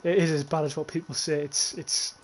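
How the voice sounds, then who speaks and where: A man's voice: a little high, flat delivery, a little fast, slight background noise. A young man streaming a shooter game, rambling and swearing as he reads chat aloud and laughs at it. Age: young adult. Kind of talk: casual livestream commentary while playing.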